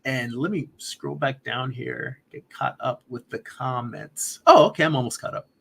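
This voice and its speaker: Relaxed man chatting on a stream. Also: medium pitch, moderate pace, creaky, husky. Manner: relaxed, rambling, laughs often, reads chat comments aloud. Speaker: artist streamer answering chat. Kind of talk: casual livestream chat.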